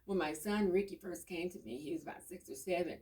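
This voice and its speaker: A woman's voice: fairly low pitch, fairly even intonation, fast, darkish tone. A middle-aged woman chatting casually and telling rambling, homey stories. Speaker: vlogger. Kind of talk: casual chat. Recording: voice a bit far from the mic.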